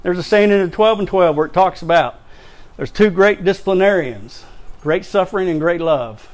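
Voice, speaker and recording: Man, recovery-meeting speaker, halting emotional share with dry self-mockery, slightly high voice. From Louisiana, raised in Texas. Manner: halting, repeats words, emotional, self-deprecating humor.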